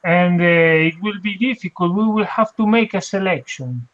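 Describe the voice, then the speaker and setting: A man's voice: sits high, lively intonation, normal speed, fairly bright tone, dull audio. A man who often stops and repeats words, taking part as student and organizer in an online language lesson. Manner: hesitant, restarts and repeats words.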